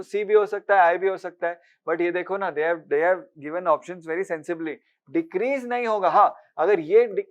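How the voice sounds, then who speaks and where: A man giving an exam-prep lecture, briskly quizzing listeners with repeated rhetorical questions and mixing with Hindi. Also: high-pitched. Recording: dull lo-fi recording.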